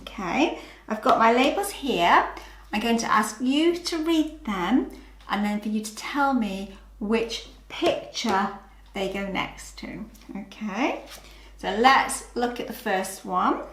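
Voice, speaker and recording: A woman's voice: on the high side, lively intonation, slow, a bit bright, reverberant. A woman with a British accent teaching children phonics, patient and encouraging, sounding out letters one by one. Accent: British English. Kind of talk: slow, clear early-years phonics lesson.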